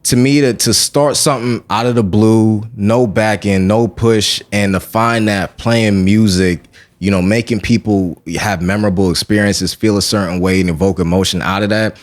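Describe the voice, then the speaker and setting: A man talking casually as a DJ guest on a podcast, slangy and animated, often asking "you know what I'm saying". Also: fairly low pitch, moderate pace. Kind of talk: casual interview chat.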